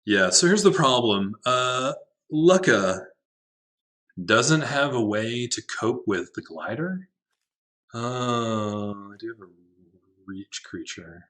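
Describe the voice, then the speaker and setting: A man giving casual commentary on his own card game, thinking out loud, laughing often and swearing now and then. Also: mid-range voice, animated, slow pace. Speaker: Magic Arena drafter, channel host.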